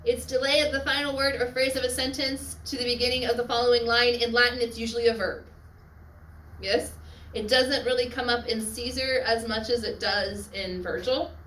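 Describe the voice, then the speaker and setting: Teacher lecturing in an echoey classroom. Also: female voice, on the high side, steady tone, a bit bright, distant mic, slight background noise. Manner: checks in often with students, quick asides. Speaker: Latin teacher.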